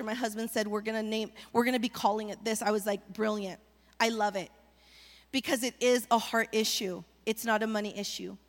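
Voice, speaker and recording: High-voiced woman preaching in a reverberant hall. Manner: emphatic call-and-response preaching, urges congregation. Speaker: preacher, pastor's wife. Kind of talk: sermon. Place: church sanctuary. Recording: long reverb of a large hall.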